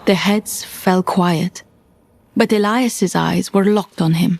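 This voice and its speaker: A woman reading a dark fantasy story in measured, dramatic scripted narration. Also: lowish voice, gravelly. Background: faint music.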